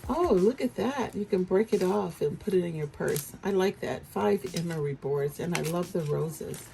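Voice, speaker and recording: A woman's voice: on the low side, expressive, moderate pace, dark tone, a little hiss or hum, poor audio. A woman chatting casually at her home desk as she unboxes gifts for her viewers, gushing with delight. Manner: gushing, breathy exclamations of delight. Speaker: unboxing vlogger.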